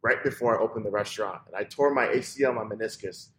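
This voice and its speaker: A man, a restaurant owner, chatting casually as a podcast guest, loose and full of fillers, often trailing off quietly. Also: lowish voice, quick pace. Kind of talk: casual interview chat.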